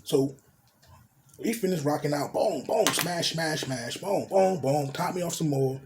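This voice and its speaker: A man's voice: fairly high pitch, measured pace, noisy background. Slangy man telling a crude story. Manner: crude slangy, with spoken sound effects. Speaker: storyteller vlogger. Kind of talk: casual storytime.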